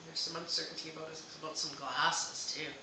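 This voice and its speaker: A woman's voice: low-pitched, little pitch movement, a little fast, bright, forceful tone, very echoey, slight background noise, poor audio. A woman hosting a live psychic reading, talking hesitantly with many fillers and restarts. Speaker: psychic medium host.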